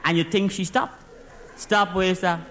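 A man with a Trinidadian accent and a fairly high voice tells a comic story as a driving instructor talking to his boss on the phone. He speaks in dialect, tumbles excitedly from one disaster to the next, and tacks a polite "sir" onto nearly every phrase. A faint noise hum sits behind him. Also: a little slow. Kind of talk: comic monologue as one side of a phone call.

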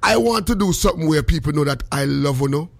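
A man speaking patois in casual chat, rambling and animated with a sing-song lilt. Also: fairly high pitch, quick pace, gravelly, dry recording.

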